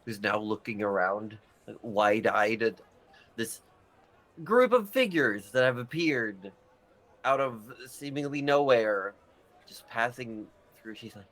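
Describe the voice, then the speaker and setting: A man's voice: medium pitch, slow pace, a bit bright. An Australian man narrating as game master in a tabletop game, playful and chatty. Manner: playful, laughing asides.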